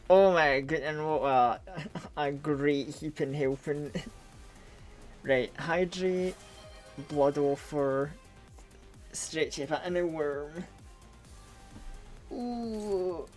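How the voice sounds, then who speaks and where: A man with a slightly high, darkish voice streams a game, chatting casually. Groggy from a cold, he rambles and restarts his sentences a lot.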